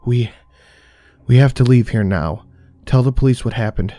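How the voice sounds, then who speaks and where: A man voicing a panicked, angry teenage boy who shouts accusations at his friend. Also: medium pitch, normal speed, no room sound, studio quality, voice pushed up, lightly acted. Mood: frantic.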